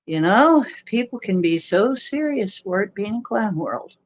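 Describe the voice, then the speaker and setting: A playful woman chats at a slow, unhurried pace while hosting a livestream, greeting viewers and giggling between jokes. Her voice sits in a medium range and comes through a webcam mic at her desk. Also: medium pitch, animated. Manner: playful, giggly, joking asides. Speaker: livestream host giving readings. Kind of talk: casual livestream chat.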